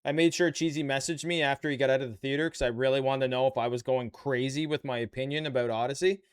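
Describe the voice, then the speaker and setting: Chatty Canadian man, smooth voice. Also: medium pitch, fairly even intonation, fast talker. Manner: chatty, playful banter with chat. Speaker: live streamer. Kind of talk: casual chat while building a model kit.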